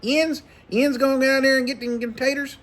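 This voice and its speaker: A man's voice: very high-pitched, steady tone, a little fast, a bit bright, voice pushed up. A man putting on a whiny Pittsburgh local. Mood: mocking. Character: mocking male Pittsburgh local, nasal whine.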